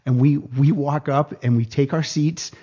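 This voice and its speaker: A man telling a casual anecdote on a podcast, animated, jumping higher in pitch when he quotes people. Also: measured pace, lo-fi sound. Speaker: guest storyteller.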